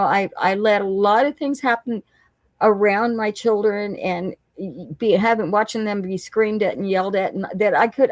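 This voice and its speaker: A middle-aged woman speaks at medium pitch in a dry recording, appearing as a guest who candidly shares her recovery story. At times she grows emotional, and she retells past conversations as quoted dialogue.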